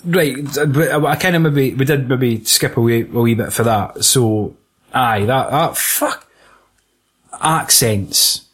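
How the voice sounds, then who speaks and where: A man's voice: mid-range voice, slow, a bit bright, breathy edge. A Scottish man in casual, sweary film chat, joking and doing mock voices.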